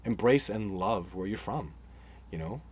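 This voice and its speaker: A man's voice: on the low side, expressive, a little slow, darkish tone. A man hosting a live show, chatting with viewers as he reads their comments, rambling and enthusiastic with many restarts. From Canada. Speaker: host of a live Bigfoot show. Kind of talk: live-stream chat answering viewer comments. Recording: dull sound with faint background noise.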